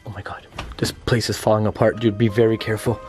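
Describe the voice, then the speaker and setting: A man's voice: fairly low pitch, little pitch movement, quick pace, over music. A young man hosting a nervous ghost-hunt vlog, repeating himself and talking straight to viewers from a run-down house. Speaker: vlogger host. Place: inside a run-down house basement.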